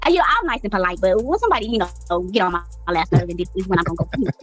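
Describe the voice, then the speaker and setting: A woman's voice: mid-range voice, big pitch swings, rapid-fire, soft background music. A woman from Compton chatting in an interview, laid-back and peppering her talk with "you know what I'm saying". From Compton, California. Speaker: interview guest. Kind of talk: casual interview chat.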